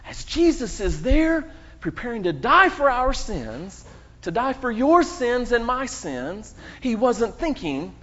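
Man, pastor, sermon, fairly high voice, emphatic pauses, muffled lo-fi sound. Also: a bit bright. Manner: emphatic preaching with dramatic pauses. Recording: muffled low-fidelity sound.

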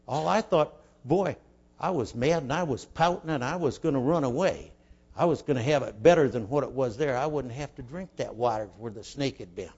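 An older man telling a folksy childhood story, asking his listeners questions and dropping to a hush for his inner thoughts. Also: mid-range voice, moderate pace, slightly rough. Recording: dull lo-fi recording.

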